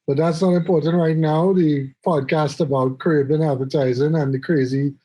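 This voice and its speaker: A man with a slightly high voice hosts a casual chat over a video call. He rambles and restarts his sentences as he goes. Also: steady tone, normal speed, mellow, poor audio. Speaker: podcast host.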